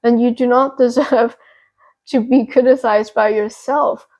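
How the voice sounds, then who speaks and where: A young woman hosting a pick-a-card tarot reading, talking gently and reassuringly with a therapeutic tone and many fillers. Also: on the high side, steady tone, a little slow, muffled recording. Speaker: tarot reader and channel host.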